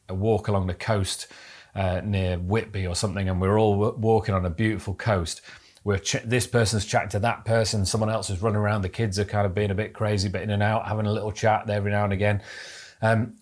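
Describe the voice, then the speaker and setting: A man preaching a sermon to his church, earnest and exhorting, building up to emphatic peaks. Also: fairly low pitch. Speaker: pastor.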